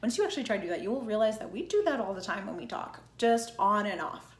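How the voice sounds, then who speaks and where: A woman's voice: mid-range voice, expressive, fast talker, reverberant. A woman teaching an online singing lesson, explaining plainly, checking in often with "okay?" and singing short demonstration notes. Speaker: singing coach.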